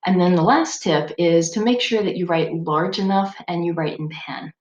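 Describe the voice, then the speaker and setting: A woman's voice: on the low side, normal speed, highs cut off. A woman speech instructor giving a recorded lecture in a conversational, explanatory way, with occasional ums. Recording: roomy echo with faint background noise.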